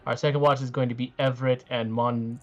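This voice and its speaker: A man's voice: medium pitch, little pitch movement, fairly quick, lo-fi sound. A man running a tabletop game as game master, easygoing and hesitant.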